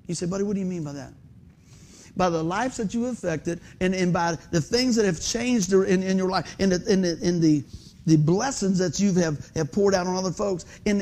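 Animated high-voiced pastor. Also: male voice, gravelly, a little hiss or hum. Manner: animated, swings from hushed to excited exclamations. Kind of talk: lively storytelling sermon.

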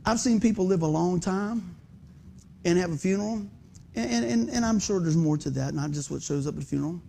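A man preaching, telling stories in an animated way that swings from hushed asides to excited exclamations. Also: high voice, brisk, vocal fry, a little hiss or hum. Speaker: pastor. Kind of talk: lively storytelling sermon.

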